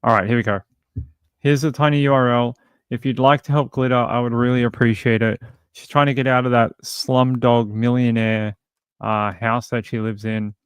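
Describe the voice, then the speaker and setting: A man's voice: medium pitch, level tone, moderate pace, smooth, no echo. A man hosting a casual livestream, rambling and easily exasperated as he chats to viewers. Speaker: livestream host.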